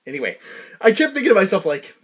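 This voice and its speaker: A man's voice: high-pitched, sing-song, fast talker, breathy edge. A middle-aged American man hosting a podcast, rambling in casual chat with lots of fillers and restarts. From United States. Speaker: podcast host.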